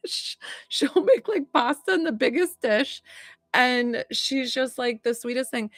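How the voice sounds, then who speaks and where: A woman's voice: a little high, fairly bright tone, no echo, studio quality. A woman working as a psychic medium, chatting through a live reading with many "like" fillers.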